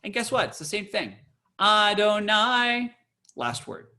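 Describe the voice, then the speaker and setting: A man's voice: high voice, very animated, a little fast, pushed and bright, slight background noise. A man teaching a cantor's class on a video call, chatty and playful, slipping into chant.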